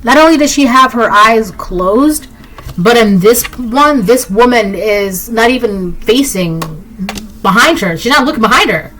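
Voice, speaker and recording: A tarot reader with a fairly high, slightly bright voice gives a collective reading, blunt and emphatic, repeating herself and addressing the viewer directly. The recording quality is low.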